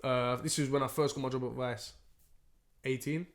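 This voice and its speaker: A man's voice: medium pitch, fairly even intonation, normal speed. A young man, a podcast guest telling a story in casual slang, swearing freely and acting out dialogue.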